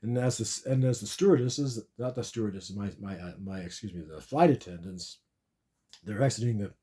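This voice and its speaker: Low, mellow man rambling through a story. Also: moderate pace. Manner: rambling, repeats words, frequent restarts. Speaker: storyteller recounting a dream. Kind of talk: rambling comic dream monologue.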